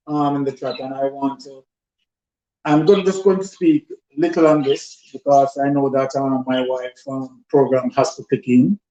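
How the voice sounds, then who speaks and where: A pastor speaks very slowly in a fairly high voice, pausing often with ums. His voice rings in an echoey room, and the audio is dull and lo-fi. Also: a little mellow. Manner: hesitant, many ums, builds to scripture. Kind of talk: slow preaching talk.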